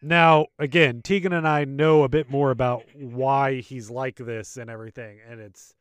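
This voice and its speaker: A man co-hosting a podcast, recapping a video game scene by scene in a relaxed, rambling way. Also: medium pitch, moderate pace, clean tone, dry recording. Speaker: podcast co-host. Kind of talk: casual game discussion.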